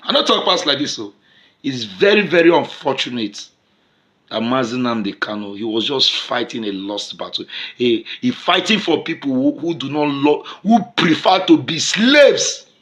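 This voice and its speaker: A man with a Nigerian accent giving impassioned commentary to camera, emphatic and repetitive, swinging from loud outbursts to low mutters. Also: big pitch swings, normal speed. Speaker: vlogger.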